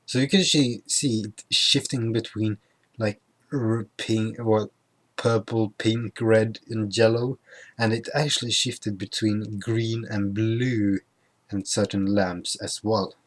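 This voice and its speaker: Slow, halting young man recapping a trip. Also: fairly low pitch, fairly even intonation. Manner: halting, full of restarts and self-corrections. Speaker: vlogger. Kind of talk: casual travel recap over photos.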